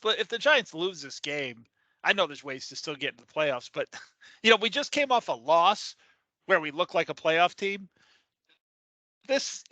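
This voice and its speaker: A man's voice: high voice, pushed and bright, dry recording. A man co-hosting a casual sports podcast, emphatic and repeating words as he gets worked up. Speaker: podcast co-host.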